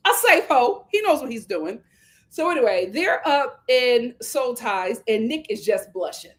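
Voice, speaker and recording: A young woman hosting a live reality show recap, talking in a sassy, slangy, animated way. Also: a little high, measured pace. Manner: animated, sassy and slangy, jumps into mimicking the cast. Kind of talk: live casual recap commentary.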